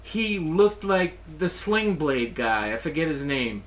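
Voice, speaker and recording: A man's voice: on the high side, slow. Man telling an exasperated comic story. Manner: animated, exasperated retelling with acted-out quotes. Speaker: host of his own chat show. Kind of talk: comedic storytelling monologue.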